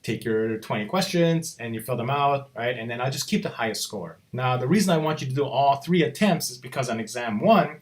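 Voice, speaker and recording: A man's voice: mid-range voice, animated, fairly quick, hardly any pauses. Casual man walking students through a course site. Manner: casual, repeats "right?" after points. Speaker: college instructor. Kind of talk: recorded screen-walkthrough lecture.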